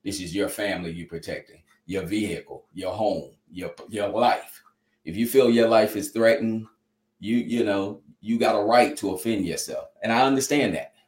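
In an echoey room, a man gives earnest conversational testimony during an interview. His voice sits on the low side at normal speed, and he sounds heartfelt and preacher-like, leaning on lots of "you know" fillers.

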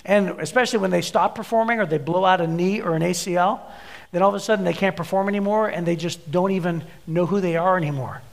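A male pastor delivering a sermon in a high, gravelly voice, weaving in stories and putting on voices for the people in them. His words carry a long reverb, as if spoken in a large hall. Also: quick pace. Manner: storytelling, acts out voices in anecdotes.

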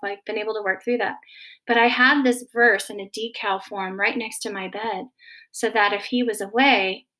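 A woman counselor explaining anxiety gently, often checking in with "okay?", then reading scripture. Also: medium pitch. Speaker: Christian counselor teaching about anxiety. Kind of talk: faith-based teaching talk.

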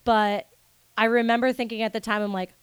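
A woman's voice: fairly high pitch, flat delivery, a little fast, noisy background. A woman co-hosting a podcast in casual chat, with a teasing, playful manner.

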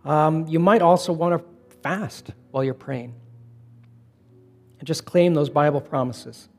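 A middle-aged man preaching a conversational sermon, telling personal stories in a relaxed way and slowing down to stress points. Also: a little high, faint music behind. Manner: relaxed storytelling, slowing for emphasis. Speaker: pastor.

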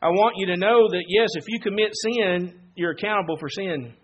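A man preaching a sermon, moving from quiet Bible teaching to loud, fervent exhortation. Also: high voice, moderate pace, muffled recording, slight background noise.

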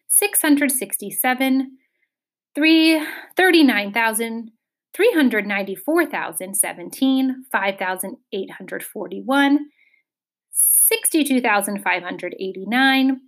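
A woman reading a children's novel aloud, giving the characters expressive voices. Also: a little high. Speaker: audiobook reader. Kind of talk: storybook reading.

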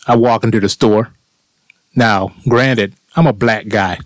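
Middle-aged man, lowish voice, dry close sound, casual profane storyteller. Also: unhurried, no echo. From United States. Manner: animated, profane, indignant.

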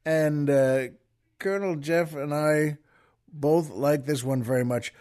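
Male talk-show host, slightly higher voice, casual storyteller who stumbles and repeats words. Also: slow pace, darkish tone. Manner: rambling delivery with frequent restarts and repeated words.

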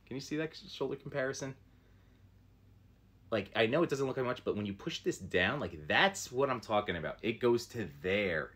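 A man's voice: fairly low pitch, a bit bright. A man doing a casual live stream, showing action figures up close and chatting with viewers in a rambling way, with lots of fillers. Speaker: toy collector streamer.

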